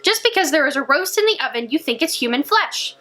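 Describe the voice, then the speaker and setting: A woman voicing a protective little old housekeeper woman who scolds and fusses in a high voice. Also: very animated, quick pace, bright, forceful tone, exaggerated voice. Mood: fussing.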